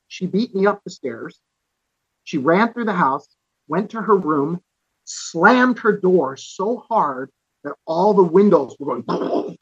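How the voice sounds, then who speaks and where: Earnest storytelling man, slightly high voice. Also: fairly bright tone, husky, dry recording, muffled recording. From Canada. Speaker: podcast guest, author and musician. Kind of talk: personal storytelling in conversation.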